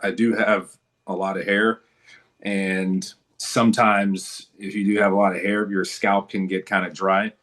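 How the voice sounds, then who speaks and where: A man's voice: low voice, little pitch movement, moderate pace, a bit bright. A man talking as a guest in a casual interview, telling stories in a laid-back, good-humored way.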